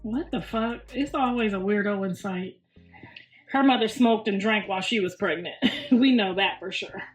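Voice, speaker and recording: Speaking at normal speed in a mid-range voice, a woman in her fifties runs a casual home livestream, talking bluntly, cursing a lot, and laughing often. The sound is roomy and distant, slightly muffled, and faint music can be heard.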